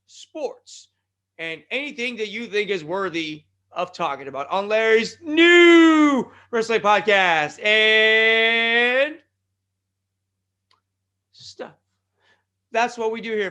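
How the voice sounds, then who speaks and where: A man with a high, bright and forceful voice hosts a solo wrestling podcast. He rambles from one aside to the next, joking at his own expense. He trips over his words and restarts his sentences as he goes. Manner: joking, self-deprecating, rambling with tongue-tied restarts. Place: California.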